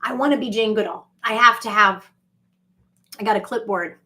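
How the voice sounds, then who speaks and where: Woman rambling on a livestream, kinda high voice, gushy one sec then low and confiding the next. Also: moderate pace, pushed and bright. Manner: swings from gushing greetings to low confiding asides. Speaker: livestream vlogger.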